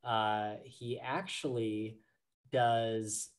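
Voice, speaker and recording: A man co-hosting a podcast, chatting casually about books in a halting way full of fillers and restarts. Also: mid-range voice, steady tone. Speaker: podcast co-host. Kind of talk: casual book discussion.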